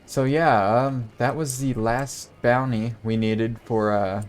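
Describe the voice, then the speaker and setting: A man's voice: mid-range voice, fairly even intonation, slow. A man commentating a video game playthrough casually, with crude jokes and swearing. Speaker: gaming host. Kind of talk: let's play commentary.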